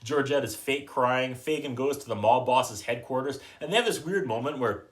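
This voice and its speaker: A man hosting a podcast, recapping a movie in a casual, sarcastic way, often trailing off softly at the end of a thought. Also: mid-range voice. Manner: dry, joking, quotes characters in quick put-on voices. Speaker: podcast host reviewing a movie.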